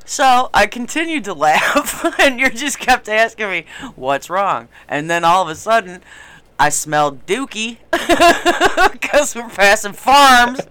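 A woman's voice: on the high side, lively intonation, takes it slowly, bright, forceful tone, smooth, no room sound. A woman co-hosting a casual podcast, telling a story while laughing often. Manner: giggly, laughs through stories. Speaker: podcast co-host. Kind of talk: casual chat.

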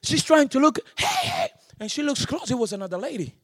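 High-voiced preacher, hushed to shouting. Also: male voice, animated, fast talker. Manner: swings from hushed storytelling to shouted exhortation. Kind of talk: sermon with storytelling.

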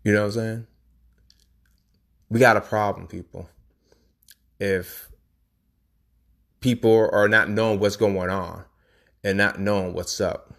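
A man's voice: on the low side, fairly even intonation, slow pace, gravelly, long pauses, fairly bright tone. A man hosting a podcast, talking in a casual, rambling, emphatic monologue. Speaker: podcast host.

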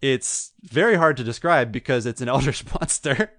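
A man co-hosting a podcast, chatting casually and retelling a story with lively acted-out quotes. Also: medium pitch, moderate pace, dry recording, clean studio sound. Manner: animated storyteller, acts out quotes. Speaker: podcast co-host. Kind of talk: casual chat.

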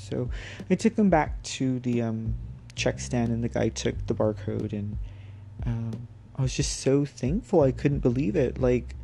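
Gravelly, mellow man telling a rambling story. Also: mid-range voice. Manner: rambling, loose, with many fillers and bursts of laughter. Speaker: podcast host. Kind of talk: casual rambling personal story.

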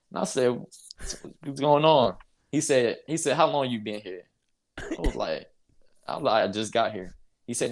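A young man from North Carolina, a basketball player, telling a story as an interview guest in a casual, animated way, laughing and acting out the people in it. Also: lowish voice, moderate pace. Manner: animated, laughs while telling, acts out voices.

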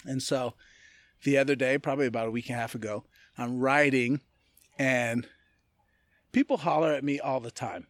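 A man from California spins a story in a relaxed, animated way, acting out other people's lines and laughing often as he goes. His voice sits at an ordinary middle pitch. The sound is dry and close, with no room echo. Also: normal speed, long pauses. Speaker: podcast guest, martial arts gym owner. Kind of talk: casual storytelling.

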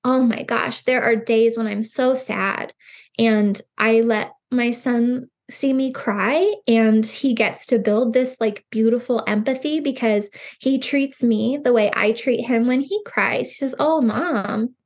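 Earnest woman with a slightly high voice. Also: unhurried. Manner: earnest, expressive, many "like" fillers. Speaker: podcast guest, grief counselor. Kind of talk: casual conversation.

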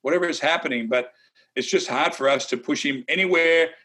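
A man's voice: fairly high pitch, fairly quick, bright, forceful tone. A man who is a former tour golfer co-hosting a golf analysis chat, blunt and emphatic with some teasing.

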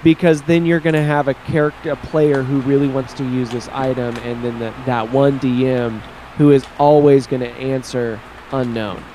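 A man's voice: mid-range voice, steady tone, moderate pace, hardly any pauses, dark tone, a little hiss or hum, rough recording. A man co-hosting a podcast, chatting casually about tabletop games and thinking aloud with restarts. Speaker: podcast co-host.

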